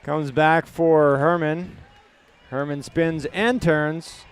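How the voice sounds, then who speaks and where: A Canadian man calling youth hockey play-by-play in quick clipped phrases. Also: a little high, fairly even intonation. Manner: rapid clipped puck-by-puck calls. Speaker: play-by-play commentator.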